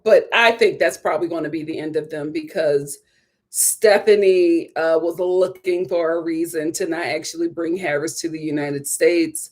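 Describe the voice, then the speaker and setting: A woman's voice: lowish voice, moderate pace. A woman giving a sassy, emphatic reaction review of a reality TV show, with laughing asides. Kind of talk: casual video commentary.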